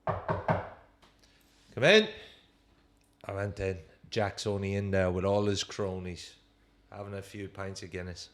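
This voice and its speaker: A man, a former footballer and co-host, telling anecdotes in a casual chat with lively quoting and laughter. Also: sits low, normal speed, a little hiss or hum.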